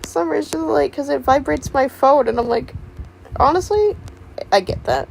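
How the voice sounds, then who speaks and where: A woman's voice: high voice, normal speed, creaky, slight background noise, rough recording. A woman streaming live, chatting casually with a giggly, rambling manner. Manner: giggly, rambling, repeats words.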